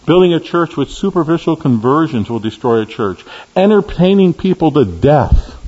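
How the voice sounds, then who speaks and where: A man preaching a sermon, emphatic, swinging from stressed high peaks to low, quiet key words. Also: slightly rough. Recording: lo-fi recording in a reverberant hall.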